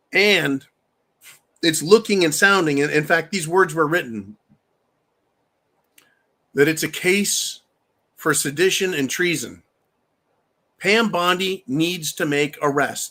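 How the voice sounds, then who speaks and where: A man with a bright, fairly high voice hosts a casual live stream. He rambles loosely, swears freely and drinks shots on air. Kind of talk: casual political livestream talk.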